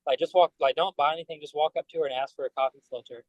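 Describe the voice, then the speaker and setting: Brief: man, band guest, higher register, animated rambling storyteller, dry close sound. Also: very fast, dry recording, highs cut off. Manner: animated, filler-heavy anecdote telling. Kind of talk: casual storytelling.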